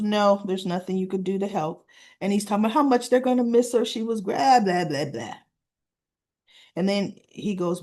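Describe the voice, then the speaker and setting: A woman's voice: medium pitch, a little slow. A woman casually recapping a soap opera episode, chatty, retelling scenes with quoted lines and asking "right?" as she goes.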